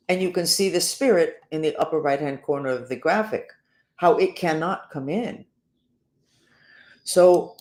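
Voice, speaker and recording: A woman's voice: on the low side, a little mellow, roomy sound. A woman hosting a self-help talk, rambling and sarcastic, with emphatic stresses. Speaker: host.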